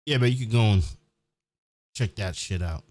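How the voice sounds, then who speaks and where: A man's voice: fairly low pitch, normal speed, darkish tone, dry recording. A man talking in a blunt, profane, emphatic way as a radio host in casual chat.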